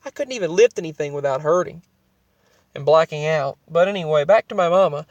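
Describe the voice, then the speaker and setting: A man's voice: on the high side, fairly quick, no echo, highs cut off. A young adult man telling his own story in a vlog, rambling and emotional, often restarting his sentences.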